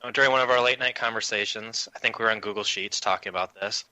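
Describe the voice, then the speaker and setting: A man's voice: on the low side, fairly even intonation, fast, bright, forceful tone, no room sound, poor audio. A man hosting a casual podcast chat, upbeat and jokey, telling loose stories on a close mic. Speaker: podcast host.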